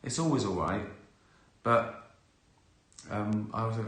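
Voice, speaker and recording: A middle-aged man chats casually on a live stream, answering viewers' questions, laughing often and acting out little scenes. His voice is bright and forward yet on the low side, slow, with long pauses. The room adds a noticeable echo.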